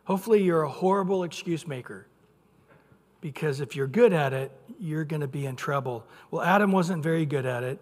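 A male pastor giving a sermon with lively delivery, acting out quotes and shifting between loud and soft. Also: sits high, a little fast, long reverb tail.

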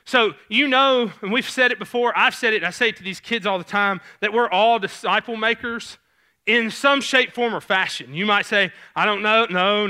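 A man's voice: sits high, pushed and bright, smooth. A man with a Southern US accent, a youth pastor preaching a sermon in a casual, conversational way with many fillers. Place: church sanctuary stage.

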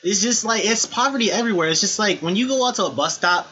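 A man's voice: high voice, expressive, fast, pushed and bright, breathy edge. A man co-hosting a podcast, talking bluntly with a lot of swearing and telling stories from growing up. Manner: blunt and profane, storytelling. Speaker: podcast co-host. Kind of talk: casual podcast chat. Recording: dull lo-fi sound with faint background noise.

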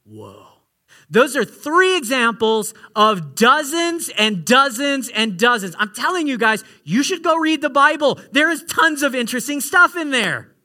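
High, bright-voiced man preaching with humor. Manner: animated, joking asides, big swings from loud to hushed. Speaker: pastor. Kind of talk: sermon.

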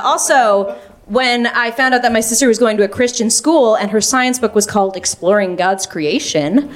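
A young woman telling a personal story, wry and self-mocking, laughing through some lines. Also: fairly high pitch. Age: young adult.

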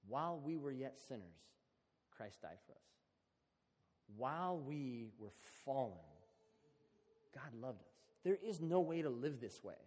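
A man preaching a sermon in a relaxed, conversational, storytelling way. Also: medium pitch, unhurried, pauses often. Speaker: pastor. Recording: long hall reverb.

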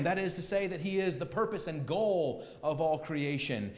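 A man's voice: a little high, normal speed, few pauses. A man preaching a sermon as pastor, emphatic and repeating key words for stress. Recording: echoey hall with long reverb.

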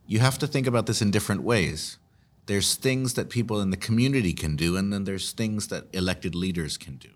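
A man's voice: lowish voice, a little fast. A man, hosting and answering listener questions in an earnest, chatty way. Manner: earnest, explanatory, chatty with restarts. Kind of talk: casual commentary.

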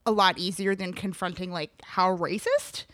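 A woman co-hosting a podcast in casual chat, animated and laughing often. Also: lowish voice, moderate pace, dry recording, studio quality. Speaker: podcast co-host.

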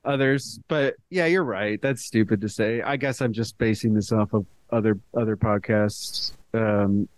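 A man's voice: lowish voice, unhurried, hardly any pauses, no echo. A young adult man co-hosting a podcast, rambling and hedging in casual chat with lots of fillers. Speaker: podcast co-host.

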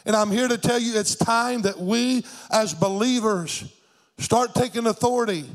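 A man's voice: very high voice, moderate pace. An older man preaching a fervent sermon, with a rhythmic, sing-song lilt.

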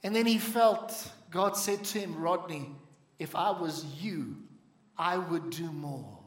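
A man preaching a sermon as pastor, animated, acting out little scenes and calling for amens. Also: sits high, reverberant. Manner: animated preaching with voiced asides and congregation call-outs. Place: church.

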